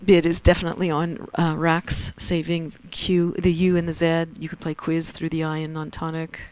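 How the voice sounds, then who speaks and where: A woman with a Canadian accent giving chatty, excitable live commentary on a board game tournament. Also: low voice, normal speed, clear, resonant tone, no echo, poor audio. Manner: chatty, excitable, laughs easily.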